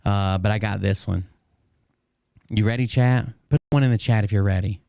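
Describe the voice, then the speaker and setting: A man's voice: on the low side, steady tone, normal speed, gravelly, dark tone, no room sound, clean studio sound. A man streaming and commenting on clips, blunt and sarcastic and swearing freely, his voice a bit strained. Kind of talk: casual profane commentary.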